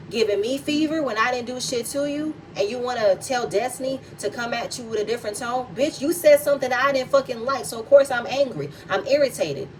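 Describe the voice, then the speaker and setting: A woman's voice: a little high, recorded from a distance, slight background noise, low-quality recording. A woman hosting a reality TV recap vlog, giving blunt, heated and profanity-laced commentary.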